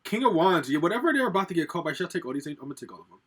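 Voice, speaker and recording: This is a man at home giving a casual pick-a-card tarot reading. His voice is bright and punchy, with a husky edge to it. He rambles, swears freely and talks straight to his viewers, filling the gaps with fillers. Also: on the high side, sing-song, rapid-fire. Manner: rambling with frequent fillers and laughs. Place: home, with a laptop.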